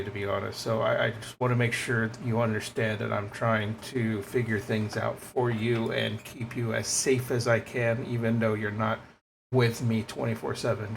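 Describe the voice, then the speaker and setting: A man playing an earnest young adventurer who reassures a creature, speaking haltingly with many fillers and restarts. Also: fairly low pitch, gravelly, slight background noise.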